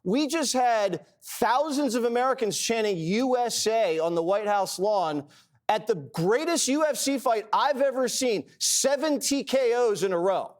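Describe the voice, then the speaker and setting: A man's voice: extremely high pitch, animated, a little slow. Brash man telling a panel story. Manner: brash, anecdotal, boastful. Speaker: co-host of panel show. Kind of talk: casual panel commentary.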